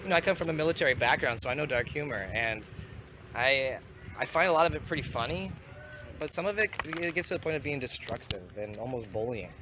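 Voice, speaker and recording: A man with a head cold vlogs as he walks outside through town to a river, street noise clearly in the background. His medium-pitched, expressive voice is brisk, and his delivery is loose, rambling, conversational and self-correcting; he is a vlogger and community founder.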